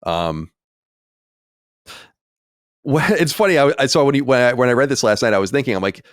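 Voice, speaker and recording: A man hosting a podcast in casual chat, animated and swearing, with many restarts. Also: medium pitch, normal speed, dry recording, clean studio sound. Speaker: podcast host.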